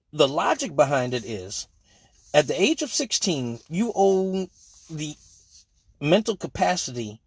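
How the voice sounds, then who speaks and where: A man's voice: fairly high pitch, no room sound. A man hosting a live stream, talking bluntly and profanely in casual chat.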